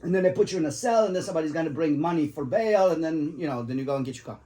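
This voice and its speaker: Man telling a story, slightly high voice. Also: very fast, background noise. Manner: animated, swears freely, acts out quotes with laughs. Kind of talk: casual storytelling.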